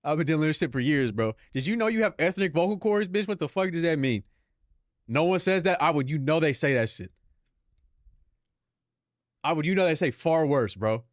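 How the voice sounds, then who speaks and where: Young filipino guy streaming from home, cussing and laughing with chat, fairly high voice, dead dry mic. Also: expressive, fairly quick, long pauses, no echo. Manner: loose, profane, laughing banter with chat. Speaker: live streamer.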